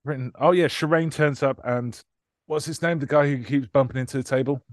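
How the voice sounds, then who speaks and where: A man's voice: mid-range voice, fairly even intonation, a little fast, no echo, clean studio sound. A man hosting a podcast, recapping a movie in casual chat, laughing often and hedging with fillers. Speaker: podcast host.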